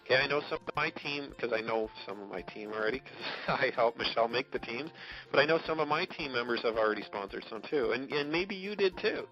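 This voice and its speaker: A man's voice: medium pitch, expressive, a little fast. A man coaching his network marketing team on a motivational call, emphatic, often checking in with "okay?" and laughing between points. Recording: dull lo-fi recording with faint music.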